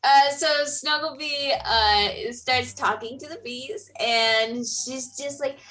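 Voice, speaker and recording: A woman player at a tabletop game who talks in a quick, friendly way. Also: high voice, sharp tone, rough recording. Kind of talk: casual game-table talk.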